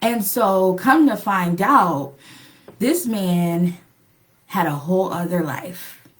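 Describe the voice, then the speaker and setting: A young woman recounts a past relationship in a loose, chatty way, sprinkling in fillers and acting out what people said. Her voice sits a little low, and she takes her time. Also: expressive, slow pace. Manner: chatty, lots of "like" and "um", acts out quoted lines. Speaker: relationship vlogger. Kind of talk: casual storytelling to camera.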